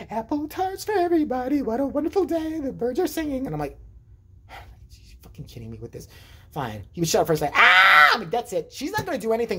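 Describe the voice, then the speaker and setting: A woman vlogger telling childhood stories in a casual, profane, animated way, acting out voices with big jumps in pitch. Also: husky. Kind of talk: casual storytelling.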